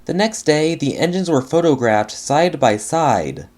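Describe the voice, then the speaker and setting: A man narrating a storybook adaptation in an animated, expressive way. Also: a little high, unhurried.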